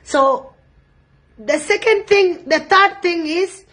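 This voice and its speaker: A woman's voice: very high-pitched, slow pace, fairly bright tone. A South Sudanese woman with a South Sudanese accent giving impassioned political commentary, repeating phrases for emphasis. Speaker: online commentator.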